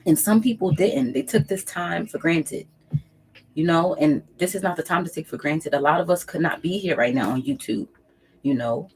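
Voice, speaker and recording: A woman with a low, husky voice talks straight to her viewers as a tarot reader. She preaches her advice with emphasis, hammers key phrases by saying them again, and drops casual curse words along the way. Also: moderate pace, low-quality recording. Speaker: tarot reader and channel host. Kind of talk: casual spiritual advice monologue to camera.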